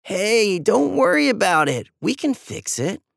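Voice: medium pitch, very animated, a little slow, vocal fry, no echo, studio quality, pitched above the performer's own voice, full character voice. The storybook narrator voicing a cheeky, easygoing young boy who talks breezily and confidently. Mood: breezy.

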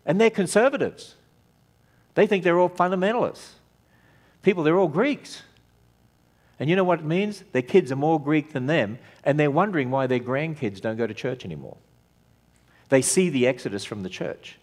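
A man's voice: fairly high pitch, lively intonation, normal speed, pauses often, a little mellow. A man giving an emphatic sermon-style talk as a ministry speaker, asking rhetorical questions of his audience.

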